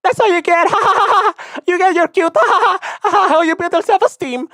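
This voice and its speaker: A shrill young woman , as put on by a man, giggles and brushes off a suitor. Her voice jumps way up into a thin, giggly falsetto. The recording is close and dry, with no room sound. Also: brisk, sharp tone, no room sound, exaggerated voice. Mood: mocking.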